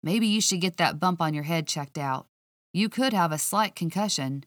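A woman's voice: on the low side, no room sound, studio quality, close to an everyday voice. A woman reading a cocky male cop. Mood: teasing. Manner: calm, measured drawl. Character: cocky, teasing male police officer.

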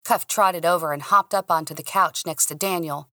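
A young adult woman narrating a mystery story podcast in the first person, expressive and lively. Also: on the low side, moderate pace, no room sound, clean studio sound.

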